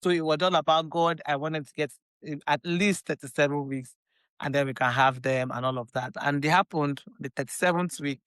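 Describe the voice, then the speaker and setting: A woman with a Nigerian accent talks as a podcast guest. Her voice is smooth and clean, with an animated, emphatic delivery that circles back on its own phrases. The recording is close and dry, with no room sound. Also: sits low, brisk, dry recording. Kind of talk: casual chat.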